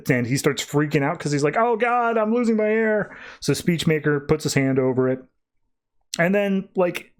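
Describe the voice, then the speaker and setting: A man hosting a podcast, recapping a comic book issue in a loose, chatty way with plenty of fillers. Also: mid-range voice. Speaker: podcast host.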